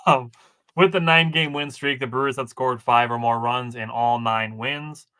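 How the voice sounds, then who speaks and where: Guy from wisconsin on a sports podcast, bright forceful voice, reads stats off his notes. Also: medium pitch, fairly even intonation, normal speed, smooth. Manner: talks through stats from his notes, dry asides. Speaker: podcast co-host. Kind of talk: casual sports chat.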